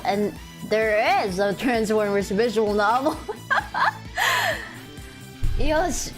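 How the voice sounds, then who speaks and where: A young woman streaming a game, chatting playfully, giggling often and reading game text aloud, her voice a little deep from just waking up. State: slightly deep morning voice. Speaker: VTuber streamer. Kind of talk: casual live-stream chat. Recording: faint music behind.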